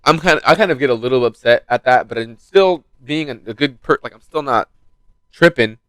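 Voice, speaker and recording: A young man co-hosting a podcast, telling a story in casual chat and acting out quotes with sudden jumps in pitch, swearing freely. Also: fairly quick, fairly bright tone, clean tone, no echo. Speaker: podcast co-host.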